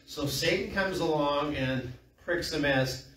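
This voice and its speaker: A man's voice: on the high side, a little slow, a bit bright. A middle-aged man preaching a sermon in a folksy storytelling way, trading call-and-response with his congregation. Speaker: pastor. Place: small church room. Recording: echoey room from far off.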